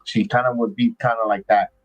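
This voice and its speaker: A man's voice: fairly low pitch, flat delivery, dull audio. A man hosting a live watch-along, chatting casually and rambling with frequent restarts and fillers. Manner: rambling, halting, many restarts. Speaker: podcast host.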